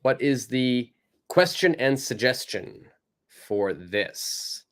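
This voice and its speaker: A man's voice: medium pitch, sing-song, slow, a bit bright. A man teaching a live online English lesson with a North American accent, patiently repeating phrases and encouraging his students.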